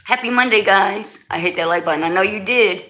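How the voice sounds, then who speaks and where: A woman's voice: medium pitch, brisk, sharp tone, low-quality recording. A woman with a New Jersey accent chatting casually on a live stream, greeting and answering her viewers.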